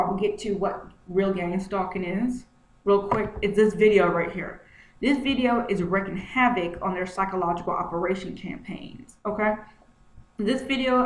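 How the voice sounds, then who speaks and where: A woman vlogging from home at her computer, talking through what is on her screen in an agitated way and repeating herself often. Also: mid-range voice. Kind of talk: screen-share commentary. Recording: roomy echo, faint noise.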